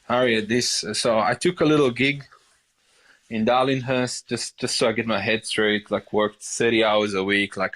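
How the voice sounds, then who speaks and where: A man in his forties with an Israeli accent, a chef telling his story in a casual interview, animated and often repeating words as he restarts. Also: on the low side. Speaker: chef, podcast guest.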